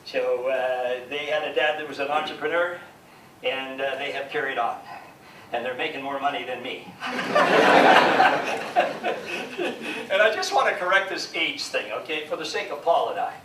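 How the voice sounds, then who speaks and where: A man's voice: medium pitch, a little fast. Older Canadian man, jokey seminar speaker. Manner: jokey storyteller playing to the crowd. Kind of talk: humorous motivational talk. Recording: echoey hall from far off with noise.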